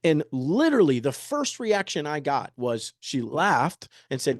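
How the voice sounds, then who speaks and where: Energetic male speaker, thirties, slightly higher voice, playful and motivational, dry sound. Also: moderate pace, hardly any pauses, no room sound. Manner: energetic, quizzes the audience with rhetorical questions; joking, upbeat. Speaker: real estate agent giving a talk. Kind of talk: motivational presentation to an audience.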